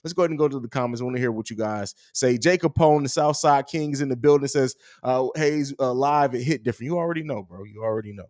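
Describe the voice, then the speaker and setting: A man's voice: mid-range voice, fast talker, few pauses, a little mellow. A young man hosting a casual live stream, talking in slang and reading viewer comments aloud. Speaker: host of a fan live stream.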